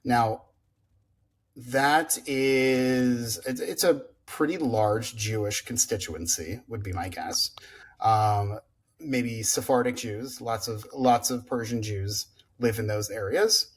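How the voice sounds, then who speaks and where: A man's voice: mid-range voice, slow, husky. A man co-hosting a podcast in casual chat, rambling with many fillers as he sets up a topic. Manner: rambling, filler-heavy storytelling. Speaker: podcast co-host.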